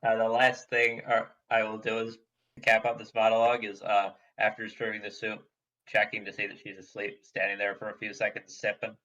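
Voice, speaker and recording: A man's voice: on the low side, monotone, a little fast, sharp tone, highs cut off. A man playing a tabletop game, talking casually with hesitant restarts. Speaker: player.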